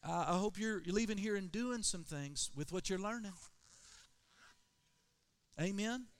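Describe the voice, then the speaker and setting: A male pastor delivers an emphatic sermon in a church. His voice sits slightly high, and he drives each point home with calls for amen. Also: a little slow.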